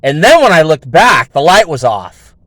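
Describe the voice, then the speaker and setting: A man's voice: on the high side, sing-song, moderate pace, a bit bright, no echo. A man hosting his own show, telling a story in a rambling, casual way with heavy swearing and lots of fillers. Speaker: show host.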